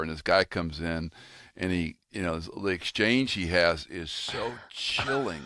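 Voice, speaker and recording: Deep-voiced older man, animated storyteller. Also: a little slow, no echo, clean studio sound. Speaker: podcast host and pastor. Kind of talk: casual conversation.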